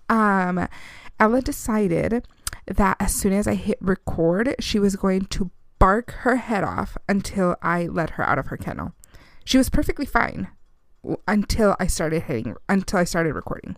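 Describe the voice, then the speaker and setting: A woman's voice: mid-range voice, a little slow, vocal fry, no echo. Chatty thirtysomething lady doing her podcast at home, slips into spanish, dry close mic. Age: 30s. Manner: chatty, animated, sprinkles Spanish phrases. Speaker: podcast host. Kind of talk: casual chat.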